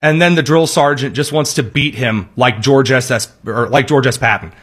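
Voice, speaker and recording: A man's voice: medium pitch, normal speed, a bit bright, breathy edge. A man giving opinionated political commentary, sarcastic and ranting, with frequent restarts.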